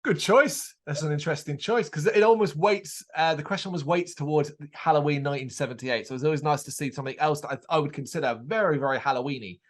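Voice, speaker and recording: A man with a somewhat high voice leads a casual podcast interview. He asks his questions in a brisk, chatty manner. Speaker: podcast co-host asking the questions.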